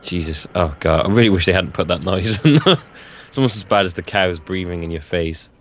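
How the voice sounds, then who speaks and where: A young British man chatting and joking while he plays a game. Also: sits low. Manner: teasing, jokey, quick to laugh. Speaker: game commentator. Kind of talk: casual gaming chat.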